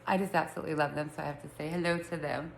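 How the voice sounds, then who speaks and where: A woman's voice: sits low, fairly even intonation, rapid-fire, vocal fry, roomy sound, a little hiss or hum, rough recording. Chatty Utah woman with a lisp. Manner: chatty, rambling, self-teasing. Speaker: vlogger. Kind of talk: casual chat to camera. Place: room at home with pets.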